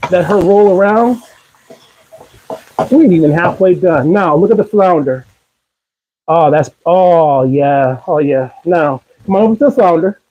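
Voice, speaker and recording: Brief: upbeat Maryland man in his home kitchen, high yet mellow voice, chats through a cooking demo. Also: slight background noise, low-quality recording. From Maryland, USA. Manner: upbeat, chatty, coaxing viewers along. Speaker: host cooking on a livestream. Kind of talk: casual cooking demo chat to viewers.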